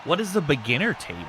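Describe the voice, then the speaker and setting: A man hosting a livestream, chatting casually with viewers. He jokes, swears often and breaks into sudden shouts. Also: mid-range voice, noisy background. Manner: excitable, joking, swears a lot, bursts into shouts. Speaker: streamer host of a wrestling show.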